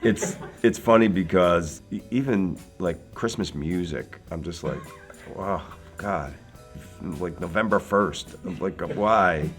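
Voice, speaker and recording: A man's voice: deep voice, measured pace, few pauses, soft background music. A man in his sixties from Philadelphia, an actor telling casual, rambling anecdotes with many fillers and laughs. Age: 60s. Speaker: actor guest.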